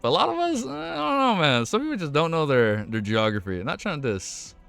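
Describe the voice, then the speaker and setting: Excitable young man, lively swinging pitch. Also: fairly quick, gravelly, smooth, soft background music. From United States. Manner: excitable, swears a lot, laughs often. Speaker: reaction streamer. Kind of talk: casual reaction commentary.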